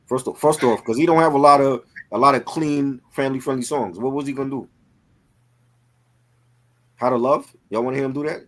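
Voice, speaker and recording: A man co-hosting a casual talk show, agreeable, often affirming his partner and offering relaxed opinions. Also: medium pitch, brisk, pauses often. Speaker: podcast co-host. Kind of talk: casual chat.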